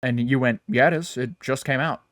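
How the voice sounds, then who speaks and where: A young man co-hosts a laid-back podcast, rambling through his thoughts with restarts and plenty of filler words. His voice sits at a middling pitch and is recorded on his own close mic, dry with no room sound. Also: brisk, fairly bright tone, dry recording. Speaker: podcast co-host. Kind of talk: casual chat.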